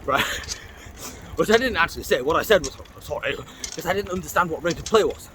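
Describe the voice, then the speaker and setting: A man's voice: a little high, expressive, fast, background noise. A man, telling rambling, swearing anecdotes while riding a bike outdoors and greeting passers-by mid-sentence. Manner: rambling, swearing, acts out voices in his anecdotes. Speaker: vlogger. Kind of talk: casual storytelling while cycling.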